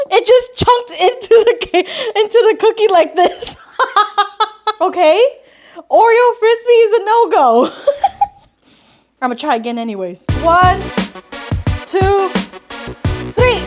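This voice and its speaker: A young woman hosting a cooking vlog in a very high, girlish voice. She giggles and squeals constantly, chatting straight to her viewers, with faint music playing underneath. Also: expressive, takes it slowly, pauses often. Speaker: food vlogger.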